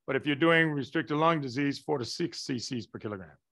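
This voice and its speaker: A man teaching a class, lively and emphatic, often stopping to ask the students if they understand. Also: medium pitch, brisk. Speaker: lecturer. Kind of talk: live online lecture.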